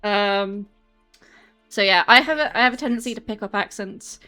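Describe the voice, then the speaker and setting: A woman's voice: mid-range voice, moderate pace, pushed and bright, clean tone, soft background music. An English woman streamer chatting casually with her viewers and answering chat while walking on a treadmill. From England. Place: home, on a treadmill.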